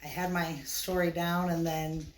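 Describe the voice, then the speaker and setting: A woman's voice: on the low side, little pitch movement, measured pace, slight background noise. A woman with a put-on Russian accent, telling a story to camera and drawing out key words for suspense. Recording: roomy echo.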